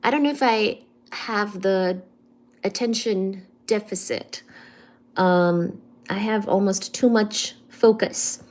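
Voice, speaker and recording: A woman chats casually on a livestream, reading her chat and greeting viewers one after another by name. She speaks at a slow, unhurried pace in a medium pitch. Her delivery is soft and loose, with frequent ums and pauses.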